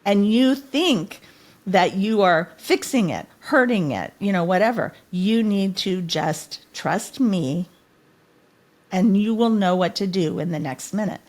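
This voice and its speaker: A woman voicing the Holy Spirit as a calm, firm, reassuring presence in a retold story. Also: medium pitch, unhurried.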